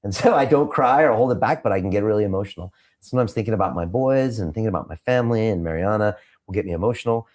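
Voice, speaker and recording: Male podcast host in the hot seat, lowish voice, punchy repetitive emphasis, reflective asides. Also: animated, racing. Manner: emphatic, repeats phrases for punch; reflective, sometimes quiet and emotional. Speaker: podcast host being interviewed. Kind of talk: candid interview answers.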